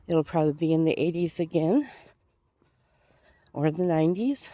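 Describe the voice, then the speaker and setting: A woman with a deep, animated voice speaks at normal speed with no room sound, vlogging as she walks down an outdoor sidewalk. She has a cold and is short of breath, keeping up chatty, rambling, easygoing talk punctuated by soft laughs.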